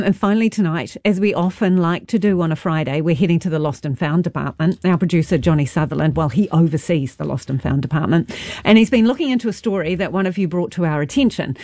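Mellow-voiced New woman, radio host. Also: fairly low pitch, lively intonation, a little fast, no echo. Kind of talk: radio news presenting.

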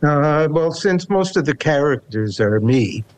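An older man with a Canadian accent, in his seventies, talks in an unhurried, reflective way with a dry, wry edge. He speaks as a poet being interviewed and reads his own verse aloud. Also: a little high, animated, soft background music. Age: 70s. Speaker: poet guest. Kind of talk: casual interview and poetry reading.

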